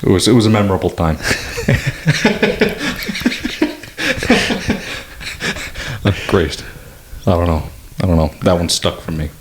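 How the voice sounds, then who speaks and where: A man's voice: low-pitched, fast, noisy background. A young man co-hosting a podcast, talking in a laid-back way with many fillers and casual swearing. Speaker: podcast co-host. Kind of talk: casual chat.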